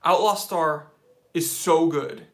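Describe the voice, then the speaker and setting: A man's voice: on the high side, slow. An American man hosting a livestream, casually reading out viewer comments and chatting with enthusiasm. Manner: casual, enthusiastic, says dude a lot. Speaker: watch channel host.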